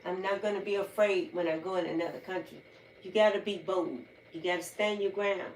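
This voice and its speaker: A woman's voice: fairly low pitch, fairly even intonation, fairly quick, a little hiss or hum. A woman hosting a livestream in casual chat, chatty and repeating her points for emphasis. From United States. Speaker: livestream host. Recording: roomy sound, far from mic, faint ambience.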